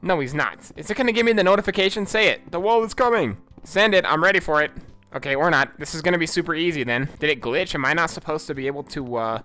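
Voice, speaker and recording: A man giving casual, profane gameplay commentary as a YouTube host, excitable and easily spooked. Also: a little high, quick pace, soft background music.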